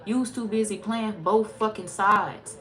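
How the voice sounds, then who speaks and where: A woman's voice: medium pitch, fairly even intonation, measured pace, fairly bright tone. Woman tarot reader, blunt and profane, sassy, emphatic casual talk. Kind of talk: casual tarot reading monologue.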